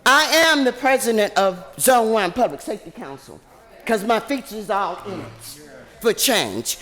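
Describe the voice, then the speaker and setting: A woman's voice: medium pitch, very animated, moderate pace, fairly bright tone. An older woman giving fiery, impassioned public testimony as a community activist, speaking in a preacher-like way. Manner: fiery, preacher-like, chanting slogans. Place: city council chamber. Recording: echoey council hall.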